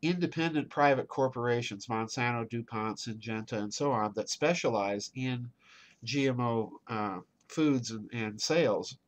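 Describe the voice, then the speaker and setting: A man hosting a news commentary, reading articles aloud in a measured, deliberate way and marking quotes as he goes. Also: medium pitch. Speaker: host.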